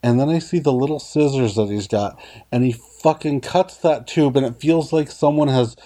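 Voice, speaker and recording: A man's voice: medium pitch, moderate pace, warm tone. A man telling a blunt, profanity-laden personal story in casual conversation. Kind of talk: casual chat.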